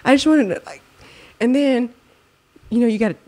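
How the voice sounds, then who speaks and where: Animated woman telling a story. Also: on the high side, normal speed. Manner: animated storytelling, acts out quotes, laughs often. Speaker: podcast host. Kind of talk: casual chat.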